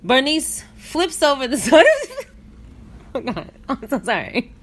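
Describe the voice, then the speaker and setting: A woman hosting a podcast, retelling a funny video in an animated way and breaking into laughter. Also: sits high, a little slow, a little hiss or hum. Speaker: podcast host. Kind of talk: comedic story recap.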